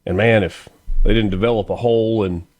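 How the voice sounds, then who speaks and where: A man's voice: on the low side, fairly even intonation, brisk, darkish tone. A man hosting a morning radio talk show, chatting casually and reading birthdays and sponsor spots. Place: radio studio.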